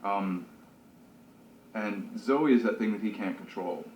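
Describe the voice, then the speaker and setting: A male actor talking about his role in a casual interview, thoughtful and relaxed, with many fillers and restarts. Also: fairly low pitch, slow pace, a little hiss or hum. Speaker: actor discussing his character. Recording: slightly dull, roomy recording.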